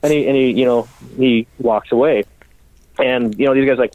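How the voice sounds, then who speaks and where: A bike builder from Minnesota telling animated, profane stories in a casual interview. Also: male voice, mid-range voice, fast talker, dry recording. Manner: animated, profane, rambling storyteller. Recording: tinny phone-like line.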